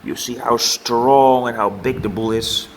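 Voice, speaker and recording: A man teaching farm animal names to young learners, saying each word slowly and repeating it for them to copy. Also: mid-range voice, steady tone, a little hiss or hum. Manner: slow, drawn-out word modelling with repeated words. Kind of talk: children's vocabulary lesson.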